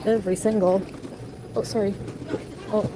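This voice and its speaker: Woman rambling on a vlog at a train station, mid pitch, loud street noise. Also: level tone, normal speed. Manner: rambling and emotional, with many fillers. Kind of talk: casual vlog while commuting. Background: trains and traffic.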